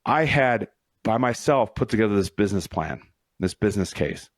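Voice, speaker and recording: A man's voice: lowish voice, expressive, a little fast, darkish tone, no echo, clean studio sound. A middle-aged man hosting a solo podcast as a leadership coach, telling stories in an earnest, motivational, conversational way.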